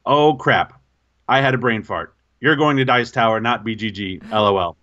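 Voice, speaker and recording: A man co-hosting a podcast, telling an embarrassing story in casual, animated, self-mocking chat. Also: medium pitch, normal speed, muffled recording. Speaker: podcast co-host.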